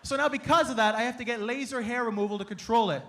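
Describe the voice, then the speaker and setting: A young man from Canada doing an animated, playful stand-up comedy set on a stage, acting out his family in quick bits. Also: very high-pitched. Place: comedy stage before a live audience.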